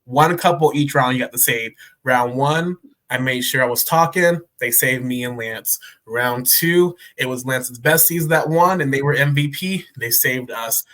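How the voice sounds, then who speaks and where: A man's voice: mid-range voice, unhurried, a bit bright, rough recording. A man co-hosting a podcast, recapping a game round in a playful, self-deprecating way. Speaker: podcast co-host. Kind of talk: casual chat.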